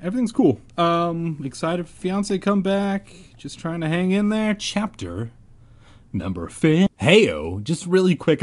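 A man's voice: medium pitch, darkish tone. A man casually reading a children's horror book aloud and breaking off for rambling, joking asides. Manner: rambling, joking, self-deprecating. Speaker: reader and host.

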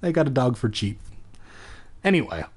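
Sarcastic man reading stories with a very lively pitch. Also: normal speed, husky. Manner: sarcastic, profane running commentary. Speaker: podcast host reading stories. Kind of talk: comedic story reading with asides.

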